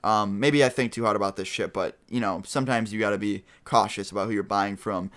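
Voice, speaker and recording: A man's voice: on the low side, steady tone, brisk, a bit bright. A young man vlogging a casual storytime, rambling and swearing freely as he retells events to his viewers.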